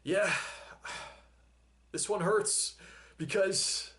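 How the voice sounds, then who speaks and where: A man's voice: high voice, very slow, a bit bright. A man hosting a reaction video, talking in a casual, rambling way while still emotional after crying, with frequent sighs and laughs. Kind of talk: casual chat.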